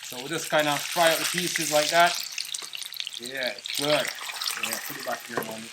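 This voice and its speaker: A man's voice: on the high side, a little slow, very noisy. Chatty Jamaican man cooking. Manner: relaxed, chatty, patois phrases. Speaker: cook. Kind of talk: casual cooking demonstration.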